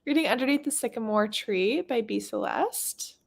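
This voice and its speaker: A woman's voice: fairly high pitch, animated, normal speed, creaky. A young woman hosting a reading livestream, chatting casually, gushing and laughing often. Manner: bubbly, giggly, gushing. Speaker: booktube livestream host. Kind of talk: casual chat while reading chat messages.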